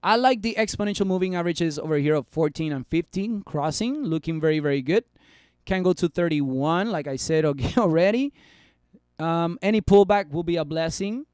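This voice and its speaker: A man with a high, smooth voice talks through stock charts in a loose, chatty way and banters with his viewers. The sound is close and dry. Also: lively intonation, normal speed, a little mellow, no room sound. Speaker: stock market streamer. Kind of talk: casual live stock analysis.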